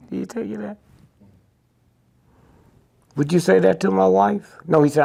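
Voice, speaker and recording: A man's voice: sits high, fairly even intonation, normal speed, pauses often, a little mellow. An older man, telling stories bluntly and profanely in an interview, keeps asking "Huh?". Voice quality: gravelly and husky.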